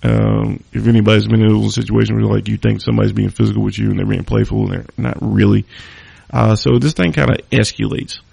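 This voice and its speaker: Gravelly low-voiced man telling a story. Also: flat delivery, quick pace, warm tone, no room sound. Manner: loose and profane, heavy on fillers. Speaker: podcast host. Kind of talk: casual storytelling monologue. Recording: dry close studio sound.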